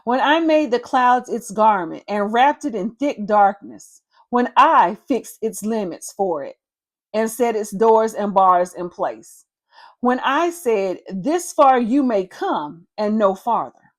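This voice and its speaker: High-voiced woman reading scripture excitedly. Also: slow pace. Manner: animated, excited asides. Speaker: Bible reader.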